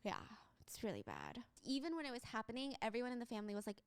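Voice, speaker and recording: Woman streamer telling a story live, kinda high voice, dry close sound. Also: quick pace, vocal fry, hardly any pauses, clear, resonant tone, no echo. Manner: animated retelling, reading out quotes.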